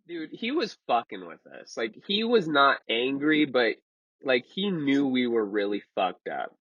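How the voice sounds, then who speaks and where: A man's voice: mid-range voice, very animated, measured pace, fairly bright tone, breathy edge, no echo. A man in his twenties casually telling a rambling, profane story. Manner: rambling and profane, with many fillers. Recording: dull lo-fi sound.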